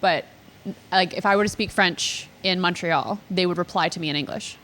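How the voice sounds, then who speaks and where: A woman's voice: fairly low pitch, moderate pace, a bit bright. A young adult woman from Canada with a southern Ontario accent, a comedian chatting confidently on a podcast, laughing easily. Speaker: guest comedian. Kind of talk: casual podcast chat. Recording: faint background noise.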